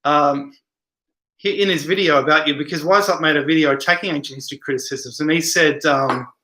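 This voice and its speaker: A tired man hosts a late-night live chat, reading out viewer comments and wandering off into long asides. His voice sits a little high and has a sharp, forceful edge. The room around him rings with a noticeable echo. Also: brisk. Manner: rambling, reads comments aloud and answers them. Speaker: live stream host.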